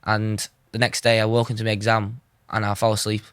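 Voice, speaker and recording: A man's voice: lowish voice, completely flat delivery, brisk, a bit bright, clear, resonant tone, dry recording. A young man, a guest telling his story in an earnest, informal way, often saying "you know". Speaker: guest, goalkeeper. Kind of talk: candid interview storytelling.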